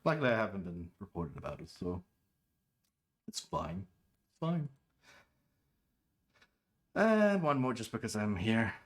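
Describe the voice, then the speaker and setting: Lively playful male streamer. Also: lowish voice, unhurried, pauses often. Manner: playful, animated, quotes lines in different voices. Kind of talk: casual chat. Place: at home.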